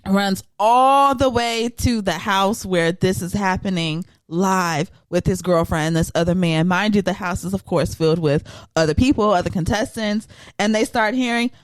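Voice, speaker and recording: Podcast host lady, animated storyteller, dry close mic. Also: mid-range voice, moderate pace, dry recording. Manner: animated storyteller who acts out voices. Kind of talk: casual podcast chat.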